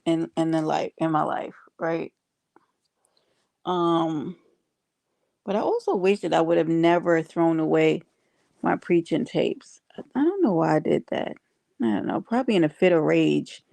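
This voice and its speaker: Gravelly low-voiced woman chatting on stream. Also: moderate pace, dark tone, no room sound. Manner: chatty, talks to viewers and reads comments aloud. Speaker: livestream host. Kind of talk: casual livestream chat.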